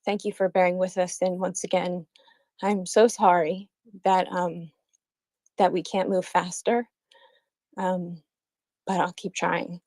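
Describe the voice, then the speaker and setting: An American woman calling in to a live audio chat, speaking in an apologetic, halting way with sighs and pauses. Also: on the low side, flat delivery, darkish tone, no room sound. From United States. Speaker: caller.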